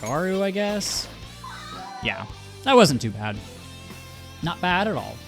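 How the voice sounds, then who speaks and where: A man with a high-pitched, fairly bright voice, big pitch swings, and vocal fry gives slow, casual let's-play commentary. He chats and rambles, often cutting himself off and laughing easily, with game music behind him.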